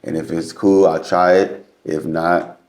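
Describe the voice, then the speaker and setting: A man's voice: sits low, flat delivery, a little slow, a little mellow. A male musician, a guest on a podcast, talking about his studio work in a laid-back, slangy way. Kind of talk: casual interview chat.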